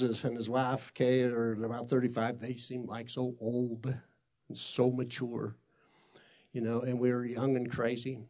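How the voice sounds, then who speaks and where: Gravelly middle-aged man preaching. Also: mid-range voice, level tone, a little slow, darkish tone. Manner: earnest, conversational, with restarts. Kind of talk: sermon storytelling.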